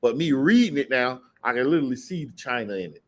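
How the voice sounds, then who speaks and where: A man leading a casual scripture study, talking loosely and reading Bible verses slowly and deliberately. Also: mid-range voice, expressive, a bit bright. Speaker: Bible teacher.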